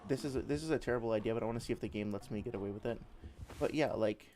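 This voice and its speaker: A man's voice: mid-range voice, rapid-fire, a little mellow. A man playing a game while chatting, rambling and swearing freely, with faint game music behind him. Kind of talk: casual let's-play commentary.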